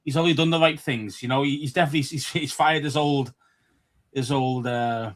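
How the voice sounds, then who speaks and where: A man with a Liverpool accent co-hosts a sports chat at a mid-range pitch. He talks in a relaxed way, hesitating and stumbling over his words as he thinks aloud. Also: brisk. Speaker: co-host.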